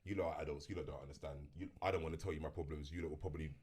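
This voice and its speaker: A man's voice: a bass voice, fairly even intonation, very fast, a little mellow. A young man, co-hosting a casual group podcast chat, laid-back and full of slang as he tells stories. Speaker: podcast co-host.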